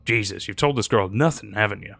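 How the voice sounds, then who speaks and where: A man voicing a gruff, blunt middle-aged government agent with a Western drawl. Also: lowish voice, fairly quick, a bit bright, no room sound, faint music behind, voice pushed down, exaggerated voice. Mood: blunt, sardonic. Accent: American Western drawl. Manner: blunt, sardonic.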